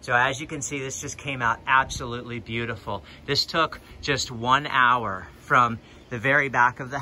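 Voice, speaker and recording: Walking around the outside of a house with his camera rolling, a pressure washing business owner chats in a plain, casual way, dropping plenty of ums and uhs. His voice sits at a medium pitch, and there's background noise in this vlog-style clip.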